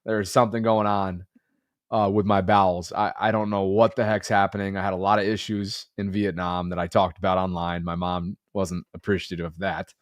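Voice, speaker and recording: A man in his thirties co-hosts a casual podcast chat with a low, congested voice. He rambles in an earnest, reflective way. The recording is dry and close, with no room sound. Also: little pitch movement, brisk, no echo. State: congested, under the weather. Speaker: podcast co-host.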